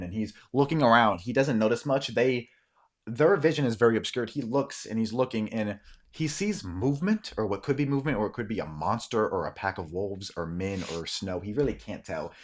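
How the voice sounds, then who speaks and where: A man narrating as game master in a tabletop role-playing game, telling the scene loosely with many ums and sniffs. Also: on the low side.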